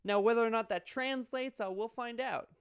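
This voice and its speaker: Young male board game reviewer, chatty and rambling, smooth voice. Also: extremely high pitch, normal speed, no room sound, clean studio sound. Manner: chatty, rambling with restarts and jokes. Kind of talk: casual video review.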